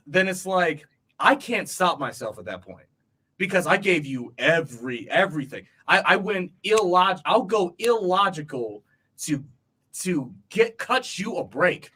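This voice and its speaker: A man's voice: sits high, very animated, a little slow, bright, forceful tone, husky. A man co-hosting a casual podcast chat, rambling with lots of fillers and laughing easily. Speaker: podcast co-host.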